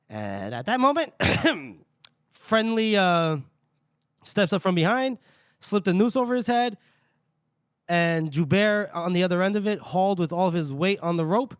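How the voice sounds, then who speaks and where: A man retells a story for his podcast co-hosts, slipping into quick character voices and swearing freely. His voice sits a little high. The sound is dry and close on the mic. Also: lively intonation, clear, resonant tone, dry recording. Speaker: podcast co-host. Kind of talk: casual book-discussion podcast, retelling chapters.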